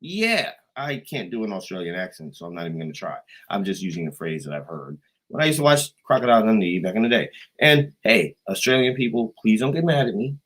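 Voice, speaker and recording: An American man rambling profanely on a livestream, jumping between loud outbursts and quiet asides. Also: fairly low pitch, lively intonation, fast, low-quality recording. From United States. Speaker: livestream host. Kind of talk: rambling casual livestream chat.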